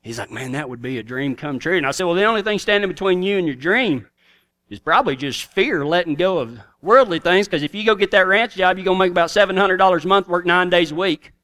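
A man's voice: high-pitched, fast talker, pushed and bright. A middle-aged man with a Texan accent, telling a folksy story as a cowboy preacher in a sermon. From Texas.

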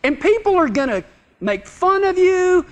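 A man preaching a sermon in a folksy, joking way, swinging from loud to hushed. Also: very high-pitched, big pitch swings, unhurried. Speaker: pastor. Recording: long hall reverb.

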